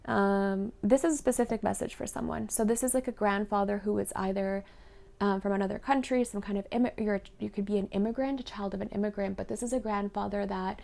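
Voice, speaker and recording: A woman's voice: mid-range voice, steady tone, fairly quick, vocal fry, a little mellow. A young woman giving an earnest, gushing spiritual card reading, full of fillers and restarts. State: emotional, tearful at times. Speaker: tarot card reader.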